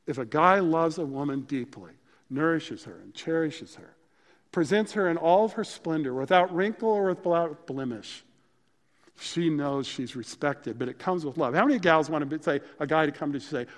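A man's voice: on the high side, lively intonation, moderate pace. A male pastor preaching a sermon in a conversational, emphatic way that mixes scripture with stories. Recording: long hall reverb.

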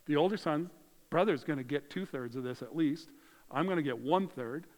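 A man voicing a grown son who bluntly refuses his father, talking loudly and dismissively, in a reverberant hall. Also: on the high side, brisk, close to an everyday voice. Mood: grumbling. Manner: blunt, dismissive, rising to shouts.

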